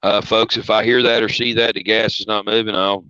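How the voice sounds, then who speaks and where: Southern man with a bright lo-fi voice. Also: lowish voice, level tone, fairly quick, clean tone, dry recording. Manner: folksy, plain-spoken. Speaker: truck driver, guest. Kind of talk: casual livestream chat. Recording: dull lo-fi audio.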